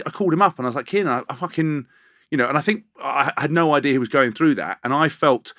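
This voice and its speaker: A man's voice: mid-range voice, a bit bright, no echo, studio quality. A man hosting a podcast interview, earnest and rambling, often restarting his sentences. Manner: earnest, rambling, self-correcting. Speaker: podcast host. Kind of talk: conversational interview.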